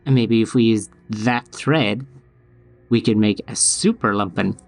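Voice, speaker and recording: A man playing a tabletop role-playing game who plans out loud with hesitant fillers. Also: fairly low pitch, measured pace. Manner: hesitant, many fillers while planning. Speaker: player.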